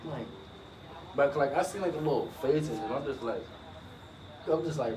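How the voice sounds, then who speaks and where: A man's voice: mid-range voice, normal speed, recorded from a distance. A man co-hosting a casual video, telling a story in slang and saying "bro" a lot. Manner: slangy, says "bro" constantly, animated retelling. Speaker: channel co-host. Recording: roomy, from off-mic, noisy.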